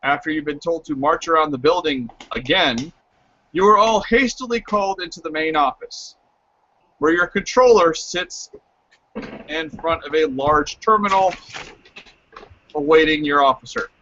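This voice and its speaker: Male game master, bright tense tone, dry wit, lo-fi voice chat. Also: a little high, normal speed, pauses often. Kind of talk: narrating a tabletop game. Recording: lo-fi online voice chat.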